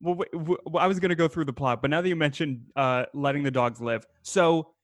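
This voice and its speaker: A man co-hosting a casual podcast about an old film, rambling and animated, laughing as he talks. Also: fairly high pitch, brisk, dry recording, studio quality. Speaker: podcast co-host.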